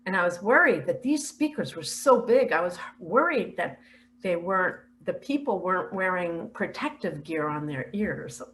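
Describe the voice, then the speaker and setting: An older woman earnestly recounting a spiritual vision in a slow, heartfelt, emotional way. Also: on the low side, expressive, a bit bright, slight background noise, poor audio. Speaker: spiritual speaker sharing visions.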